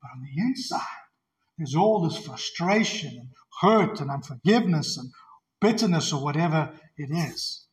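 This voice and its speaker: A man's voice: on the high side, lively intonation, normal speed, low-quality recording. A male pastor preaching an expository sermon in an earnest, emphatic way, often repeating his key phrases.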